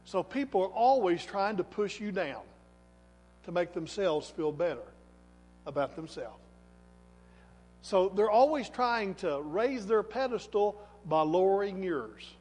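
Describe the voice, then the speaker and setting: A male pastor preaching a sermon, swinging between loud exhortation and quiet asides in a church sanctuary. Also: high voice, animated, a little slow, long reverb tail, faint music behind.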